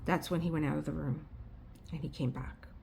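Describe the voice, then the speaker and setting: Animated storytelling woman, middle-aged. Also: deep voice, fairly quick, gravelly, slight background noise. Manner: animated storytelling, quoting others, frequent restarts. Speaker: craft vlogger. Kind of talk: casual chat.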